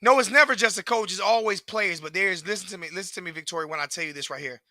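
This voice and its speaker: A man's voice: high voice, quick pace, sharp tone, no room sound, clean studio sound. A man, ranting profanely and repetitively as a sports fan commentator. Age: 40s.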